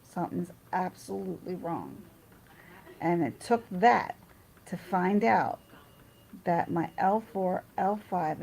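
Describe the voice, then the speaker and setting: A woman talks loosely to her viewers in a casual livestream, reading the chat and wandering between stories. Her voice is heavily gravelly with a dark, mellow tone. A faint hiss sits behind her. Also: lowish voice, poor audio. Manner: rambling, personal, trails off and restarts.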